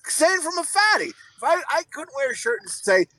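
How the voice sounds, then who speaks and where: A man's voice: extremely high pitch, big pitch swings, normal speed, sharp tone, rough recording. A man co-hosting a podcast, telling rambling stories and teasing his friends with crude, profane jokes. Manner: rambling storyteller. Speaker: podcast co-host. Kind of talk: casual chat.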